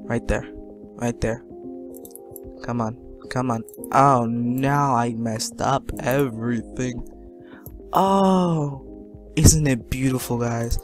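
A man giving jokey let's-play commentary, talking to his viewers and teasing himself as he plays. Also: medium pitch. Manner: joking, self-mocking, talks to viewers. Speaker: gaming commentator.

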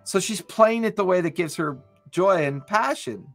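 A man co-hosting a podcast talks casually about tabletop role-playing in long, rambling, enthusiastic runs. His voice sits somewhat high for a man. Faint music plays behind him. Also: animated, moderate pace, a bit bright. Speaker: podcast co-host.

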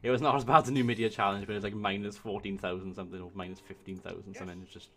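A man gives excitable gameplay commentary, swearing often and talking to himself as he plays. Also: lowish voice, rapid-fire. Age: 20s. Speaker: let's play host.

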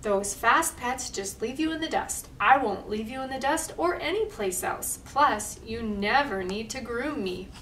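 A woman's voice: on the high side, lively intonation, measured pace, few pauses, fairly bright tone. A woman voicing a giant male pet snail in a storybook, boastful and coaxing. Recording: distant mic, faint room noise.

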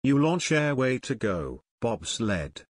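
A man reads a string of online comments aloud in a steady, even read-through, each line following the last at the same pace. His voice sits in a middle register and sounds close and dry, with no room around it. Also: medium pitch, unhurried, no room sound. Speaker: narrator.

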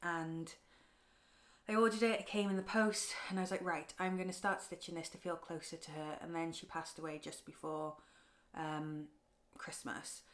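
A woman talks through her craft projects in a casual home vlog. Her voice sits a little low, and her delivery is soft and tender, with frequent ums and halting restarts. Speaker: craft vlogger. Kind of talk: casual show-and-tell vlog.

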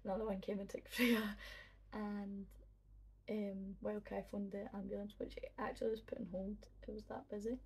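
A young woman telling her own story to camera, emotional and halting, with many fillers and restarts. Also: mid-range voice, level tone, gravelly, darkish tone, slightly rough. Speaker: vlogger. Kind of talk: personal storytelling.

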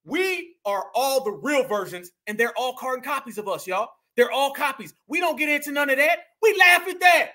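High, bright-voiced mocking male commentator. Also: animated, normal speed, few pauses. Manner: loud, mocking, repeats catchphrases and "y'all". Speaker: commentary show host. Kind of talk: reaction commentary.

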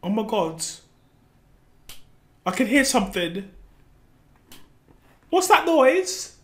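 A woman's voice: fairly high pitch, very animated, slow pace, pitched below the performer's own voice. Woman playing a jumpy clueless noob gamer. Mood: scared. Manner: gasping, easily startled, exclaiming. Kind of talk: comedic gameplay skit.

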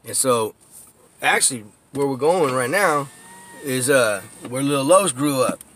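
A man's voice: mid-range voice, moderate pace, slight background noise. A profane man telling neighborhood stories. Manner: profane, laughing, animated storytelling. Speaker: vlogger giving a neighborhood tour. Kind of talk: casual storytelling while driving. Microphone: phone camera.

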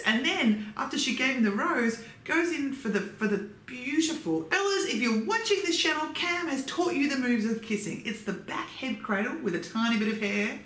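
A woman casually recapping reality TV, sarcastic and gushing, jumping her pitch up for emphasis. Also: lively intonation, normal speed, few pauses, a bit bright. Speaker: recap vlogger. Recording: echoey room, faint background noise.

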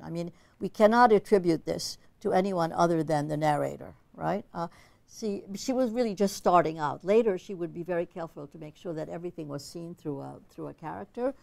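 A woman's voice: fairly low pitch, vocal fry, warm tone, dry recording. A woman giving an academic literature lecture in an analytical, conversational way, thinking aloud as she goes.

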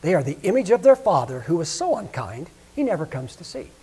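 A man's voice: a little high, big pitch swings, brisk, dark tone, a little hiss or hum. A man voicing a fussy, proud mother duck who scolds and frets in a raised voice. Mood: fussing.

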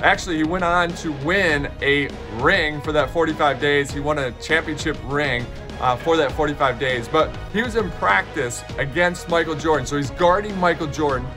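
A lively man in his forties tells stories straight to the audience with an animated, upbeat delivery. His voice sits a little high, and a clear music bed plays behind him. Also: moderate pace. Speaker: host and keynote speaker. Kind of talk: casual storytelling to camera.

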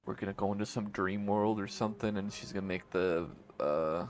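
A man streaming a video game, talking casually with excited reactions and swearing. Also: lowish voice, brisk, a little hiss or hum. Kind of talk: gaming commentary.

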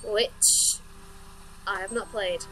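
A woman's voice: medium pitch, huge pitch swings, slow pace, bright, forceful tone, faint music behind, rough recording. A woman giving chatty, giggly commentary while playing a game. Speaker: let's play host. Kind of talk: casual gameplay commentary.

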